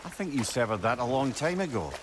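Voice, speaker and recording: An actor playing a witty, nosy talking severed head in a video game, asking questions in a quick, inquisitive way. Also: male voice, medium pitch, very animated, background noise, natural voice. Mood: curious.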